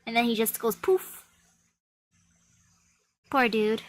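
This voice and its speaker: Slow, playful woman streaming a game. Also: on the high side, steady tone. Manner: playful, chatty, reads game dialogue aloud. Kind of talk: casual gameplay commentary.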